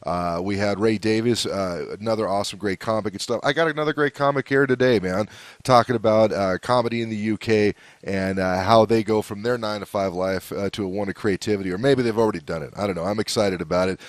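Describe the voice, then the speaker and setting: Low-voiced chatty American podcast host. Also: male voice, quick pace, dry recording. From United States. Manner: loose and chatty, many fillers and restarts. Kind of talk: casual interview chat.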